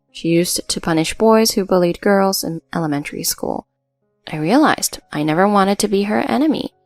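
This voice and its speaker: A woman narrating a first-person story in an even, matter-of-fact way. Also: medium pitch, creaky, dry recording.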